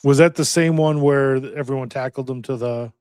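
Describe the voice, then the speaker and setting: A man's voice: mid-range voice, fairly quick, darkish tone, smooth, dry recording. A man co-hosting a casual podcast chat, talking hesitantly with many ums while he looks things up. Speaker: podcast co-host.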